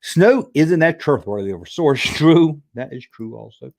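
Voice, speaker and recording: Animated chatty man on a livestream. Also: a little high, moderate pace, creaky. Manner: chatty, joking, animated retellings. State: sleepy, yawning. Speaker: YouTube host reading live chat. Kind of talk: casual livestream chat.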